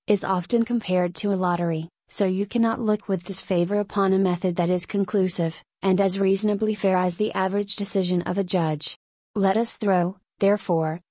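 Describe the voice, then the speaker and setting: A woman reading a measured count presiding. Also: medium pitch, a little mellow, no echo, clean studio sound, close to an everyday voice. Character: calm male count chairing a meeting.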